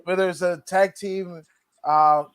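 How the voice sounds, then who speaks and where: Male co-host, fairly high voice, dry sound, relaxed profane banter. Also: slow pace, clean tone, dry recording. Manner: loose, joking, swears freely. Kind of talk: casual podcast chat.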